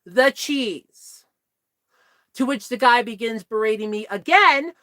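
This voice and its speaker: A young woman vlogging, telling a story in casual chat in an animated, exasperated way. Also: a little high, slow pace, dry recording.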